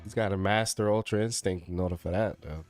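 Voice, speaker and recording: A man's voice: sits low, fast talker, darkish tone, soft background music. A man streaming live, chatting casually with his viewers and reacting to a wrestling show, laid-back and chuckling.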